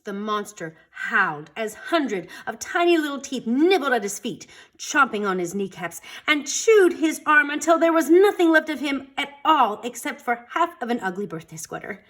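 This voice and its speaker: Expressive woman reading a storybook. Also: high voice, moderate pace, few pauses. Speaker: storytime reader. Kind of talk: children's storybook read-aloud.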